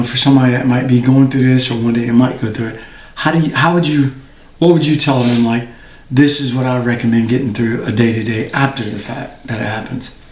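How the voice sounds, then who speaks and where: A man hosts a casual podcast interview at an ordinary mid-range pitch. He is supportive and often chimes in with short affirmations. The room around him has a noticeable echo. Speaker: podcast host.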